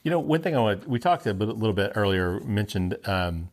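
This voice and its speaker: A man's voice: lowish voice, animated, fairly quick, slight background noise. A man co-hosting a podcast in a studio, chatting casually and asking curious follow-up questions. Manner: inquisitive, conversational, asks follow-up questions. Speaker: podcast co-host. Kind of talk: casual tasting chat.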